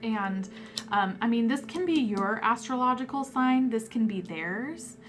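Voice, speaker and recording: A woman giving a pick-a-card tarot reading, emotional and hesitant, with many fillers, softly voicing messages from the other side. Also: on the high side, animated, unhurried.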